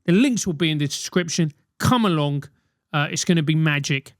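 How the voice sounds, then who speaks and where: A man's voice: a little high, animated, a little fast, no echo, clean studio sound. A man hosting a solo comedic advice podcast, rambling and swearing through comic rants. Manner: rambling, profane, comic ranting. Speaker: podcast host.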